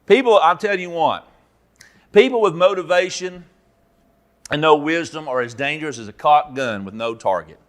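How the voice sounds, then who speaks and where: A man preaching a Bible teaching, telling stories and acting out characters with sudden loud outbursts. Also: on the high side, moderate pace. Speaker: pastor. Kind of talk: sermon teaching.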